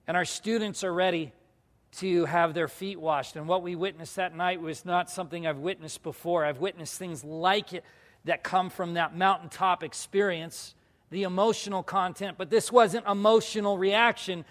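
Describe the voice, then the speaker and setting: High-voiced man preaching in a reverberant hall. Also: normal speed. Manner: animated storyteller, swinging between loud bursts and hushed asides. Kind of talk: sermon testimony to a congregation.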